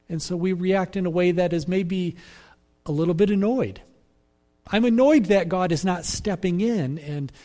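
A man preaching a sermon as pastor, in a measured, reflective way that repeats phrases for emphasis. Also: high voice, dark tone.

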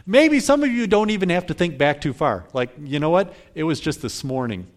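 Conversational male pastor, slightly high voice. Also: sing-song, brisk. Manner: conversational, often asks "right?" and pulls listeners in. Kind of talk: sermon.

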